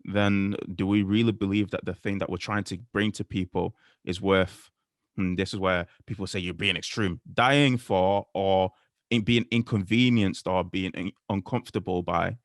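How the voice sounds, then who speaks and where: A man co-hosting a podcast, talking earnestly and quoting scripture in a measured way. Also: low voice, fairly even intonation, no room sound, clean studio sound. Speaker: podcast co-host. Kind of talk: casual faith discussion.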